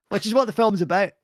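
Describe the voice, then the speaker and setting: A man in a casual chat, teasing and joking in quick banter. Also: high voice, no echo, studio quality. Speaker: guest streamer.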